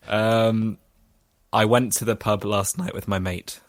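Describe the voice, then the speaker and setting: British man, low and dry. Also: no echo. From Britain. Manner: polite, easygoing, laughs softly. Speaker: podcast guest. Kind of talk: casual podcast chat.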